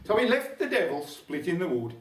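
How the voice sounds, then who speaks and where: A man's voice: high voice, sing-song, a little fast. An older man with a Black Country accent telling a humorous folk tale at a folk club, chatty with wry asides. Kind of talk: humorous storytelling to a live audience. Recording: roomy club hall from a distance.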